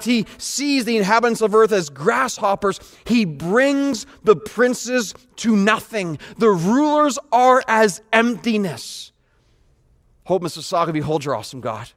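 A man preaching a sermon as pastor, swinging from hushed tones to fervent shouts. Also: sits high, long reverb tail.

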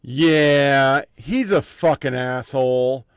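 A man hosting a political commentary show, sarcastic and profane, swinging between loud outbursts and low mutters. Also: takes it slowly, slight background noise.

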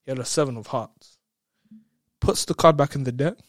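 A man telling a story in casual chat, excitable, laughing often and repeating words. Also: medium pitch, moderate pace, no echo, clean studio sound.

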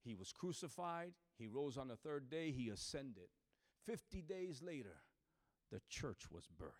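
A man preaching a sermon to a church, swinging from shouted exhortation to hushed, near-whispered storytelling. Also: mid-range voice, very animated, a little slow.

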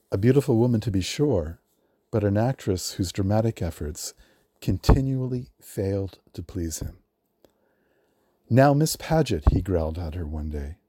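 A man reading a prepared film history at a measured storytelling pace, lifting his voice for the quotes he reads. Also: fairly low pitch, dark tone, husky, no room sound, clean studio sound. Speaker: film librarian guest.

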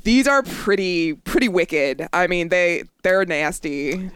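A woman co-hosting a podcast in casual chat, very expressive, exclaiming and reacting loudly to stories, recorded outdoors. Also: fairly low pitch, slow, smooth, no echo. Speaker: podcast co-host. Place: outdoors by a forest.

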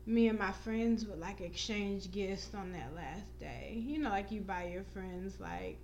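A woman's voice: medium pitch, a little slow, darkish tone, muffled recording, a little hiss or hum. A young woman co-hosting a casual podcast, talking in a laid-back way with lots of fillers. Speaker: podcast co-host.

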